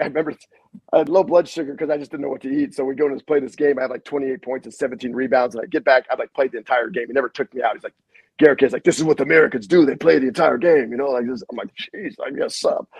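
A middle-aged man with a husky voice tells coaching stories in a casual interview. He is animated and acts out the quotes, with salty language. The sound is dry and close. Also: mid-range voice, dry recording, poor audio. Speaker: head basketball coach, guest.

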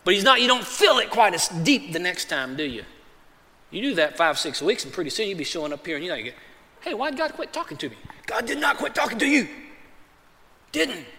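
High-voiced man preaching in a reverberant hall. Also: sing-song, fairly quick, bright, forceful tone. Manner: casual preaching, calls listeners "man", acts out voices. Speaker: pastor. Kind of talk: sermon. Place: large church hall.

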